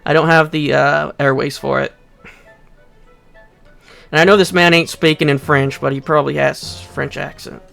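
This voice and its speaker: A man's voice: on the high side, steady tone, normal speed, creaky, long pauses, a bit bright, soft background music. A young adult man giving casual, rambling, self-deprecating commentary while playing a video game. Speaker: let's play host.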